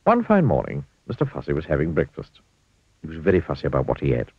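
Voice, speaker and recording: A man reading a children's storybook aloud in a playful, expressive way. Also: a bass voice, quick pace, slightly rough, dry recording. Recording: dull lo-fi dry recording.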